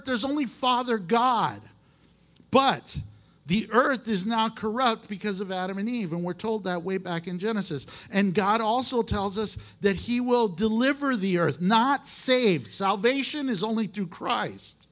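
A man's voice: high voice, animated, unhurried, fairly bright tone. A man who is a pastor, preaching a conversational, emphatic sermon in a folksy way.

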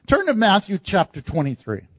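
Animated high-voiced preaching man. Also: moderate pace, slightly rough, no room sound, muffled recording. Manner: animated, acts out quotes with laughs. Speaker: pastor. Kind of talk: verse-by-verse sermon.

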